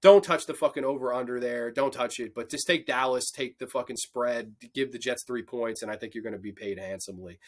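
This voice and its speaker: A man's voice: mid-range voice, fairly quick, hardly any pauses. A young man hosting a football picks show, talking casually with lots of swearing and passionate rants. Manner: profane, passionate ranting. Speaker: sports picks host. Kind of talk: casual sports betting commentary.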